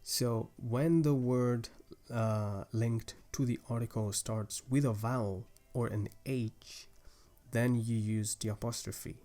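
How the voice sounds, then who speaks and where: A young man with a mellow, darker tone teaches a language lesson. He explains grammar rules patiently and methodically, one step at a time, sometimes restarting a phrase as he goes. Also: mid-range voice, fairly even intonation, slow pace.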